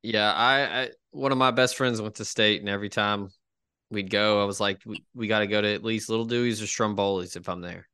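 A man's voice: on the low side, fairly even intonation, a little fast, pushed and bright, smooth, dry recording, clean studio sound. A man hosting a casual sports podcast, agreeing along and steering the talk to the next topic. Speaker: podcast host.

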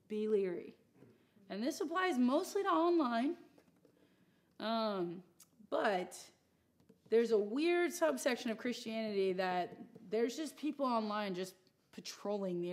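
A woman leads a Bible study in an easygoing, chatty teaching voice. Her pitch sits right in the middle for a woman. She jokes and makes asides to the people in the room as she teaches. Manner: chatty and joking, with asides to the audience. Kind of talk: casual teaching talk.

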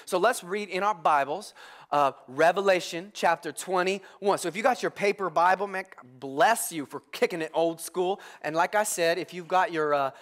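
A young man preaching a sermon in church, telling comic family stories with lively call-outs to the congregation. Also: a little high. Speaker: pastor. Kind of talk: humorous sermon. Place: church service with live congregation.

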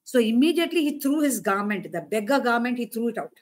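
A woman's voice: on the high side, expressive, fast. A woman preacher giving a conversational sermon, often asking her listeners questions.

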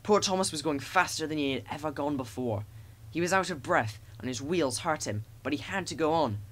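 A man narrating a children's storybook with expressive, animated storytelling. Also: fairly high pitch, brisk. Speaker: audiobook narrator.

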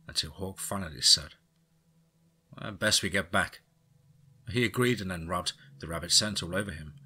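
A man narrating a scripted story, reading every character's lines in nearly his own voice, with a husky tone. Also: low-pitched, bright, forceful tone. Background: music.

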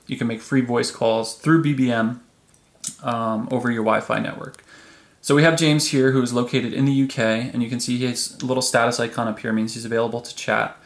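A man walks through a phone app in a casual, easygoing tech video, filling his pauses with ums. His voice sits at a middling pitch. The room around him is echoey. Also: gravelly. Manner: chatty, relaxed, frequent ums. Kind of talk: casual product demo.

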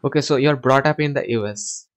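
A man's voice: medium pitch, fairly quick. Young guy in his twenties on a video chat, blunt questions, chatty. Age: 20s. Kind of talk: casual chat and voice-over commentary. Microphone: video call.

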